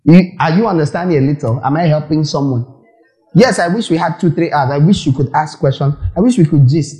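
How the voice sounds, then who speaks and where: A man preaching a sermon, animated and full of rhetorical questions to the audience. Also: on the high side, fairly quick, rough recording.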